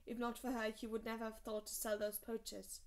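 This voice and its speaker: A woman reading aloud, voicing a gruff, blunt old male lord commander who growls his commands. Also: fairly high pitch, flat delivery, a little fast, lightly acted.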